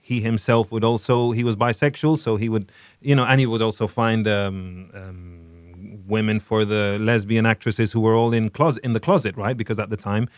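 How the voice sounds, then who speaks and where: A man's voice: on the low side, steady tone, normal speed, no echo, studio quality. A man hosting a podcast, giving casual commentary on films in a chatty, emphatic way with many restarts. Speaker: podcast host.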